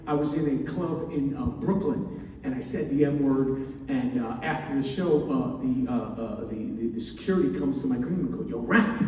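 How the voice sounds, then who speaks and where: New guy doing standup, rambling with lots of uhs, mellow voice, echoey hall, sounds far off. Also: mid-range voice, moderate pace, a little hiss or hum. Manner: rambling, many fillers and restarts. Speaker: comedian. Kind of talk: stand-up comedy. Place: large hall with an audience.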